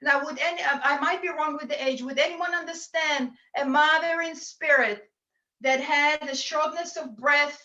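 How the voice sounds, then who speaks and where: Woman medium on a lo-fi video call, high and bright, earnest, relays spirit messages in quotes. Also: normal speed. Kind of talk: mediumship reading at a church service.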